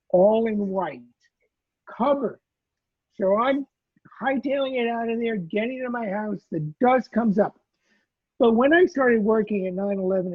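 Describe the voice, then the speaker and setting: A man recounting a personal memory as a survivor, lively and acting out the lines he quotes. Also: high-pitched, husky, no echo. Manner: animated storyteller, acts out quoted lines. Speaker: survivor telling his story. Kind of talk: personal storytelling in a conversation. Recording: tinny phone-like line.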